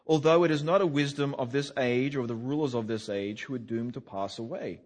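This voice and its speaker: A man preaching an expository sermon, reading scripture aloud and explaining it verse by verse, swinging between emphatic rises and soft drops. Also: mid-range voice, brisk, few pauses.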